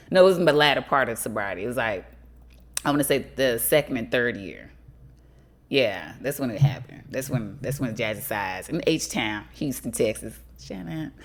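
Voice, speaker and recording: A middle-aged woman from the United States hosting a podcast, giving casual advice straight to her listeners, lively and quick to laugh. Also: rumbling low. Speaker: podcast host.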